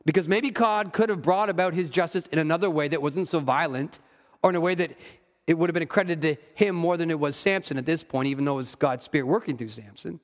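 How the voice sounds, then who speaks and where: A man's voice: fairly high pitch, fast, big-room sound. A man preaching a sermon, reading scripture aloud and breaking off for wry asides. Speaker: pastor.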